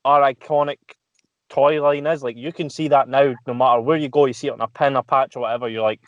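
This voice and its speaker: A man's voice: mid-range voice, fairly even intonation, quick pace, no room sound, highs cut off. A man with a Scottish accent, a podcast guest telling loose, sweary stories in casual chat from his parked car. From Scotland.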